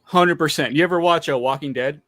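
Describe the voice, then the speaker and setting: A man from the United States, a guest in a casual livestream chat, talking in halting bursts and calling the host man and dude. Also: a little high, a bit bright, dry recording. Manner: halting, many restarts and fillers, says man and dude.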